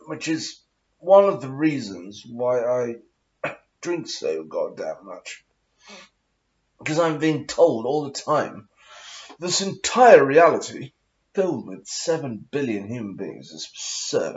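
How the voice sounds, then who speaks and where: A man's voice: mid-range voice, sing-song, takes it slowly, highs cut off. Man in a put-on posh voice. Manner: affected posh aristocratic put-on voice; swears often, meandering. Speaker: vlogger. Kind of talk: rambling casual monologue.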